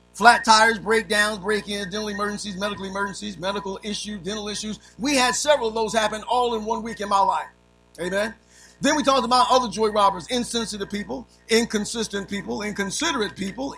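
A middle-aged male preacher delivering a sermon, dropping to soft low asides and rising to shouted peaks, with rhythmic lists and a steady "amen" between phrases. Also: low-quality recording. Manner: punctuates phrases with repeated "amen"; rhythmic lists, drawn-out emphasis.

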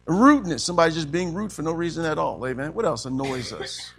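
A man's voice: fairly high pitch, lively intonation, fast talker, creaky, fairly bright tone. A man preaching a sermon as pastor, asking the congregation questions and punctuating with frequent amens.

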